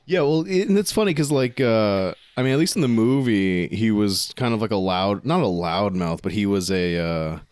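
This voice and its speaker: A man's voice: fairly low pitch, a little mellow. A man chatting casually on a podcast, swearing freely, restarting sentences and trailing off as he hunts for words. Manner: halting, profane, trails off mid-thought. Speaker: podcast co-host. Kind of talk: casual chat.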